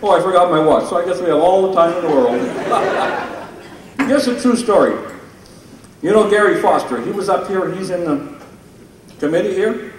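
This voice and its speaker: A man's voice: high-pitched, lively intonation, moderate pace, long pauses. Joke-telling man in an echoey hall. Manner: teasing, jokey, ribs audience members. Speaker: stand-up comedian at a benefit. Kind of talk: live stand-up joke telling. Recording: echoey hall, far from the mic, crowd noise.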